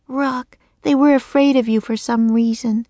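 A woman voicing a gentle, curious young girl in a storybook reading. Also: a little high, steady tone, unhurried, dry recording, voice pushed up, lightly acted. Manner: gentle, coaxing.

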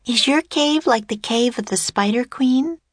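A woman doing an excited high little girl. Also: normal speed, no echo, natural voice. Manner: eager, breathless, high-pitched.

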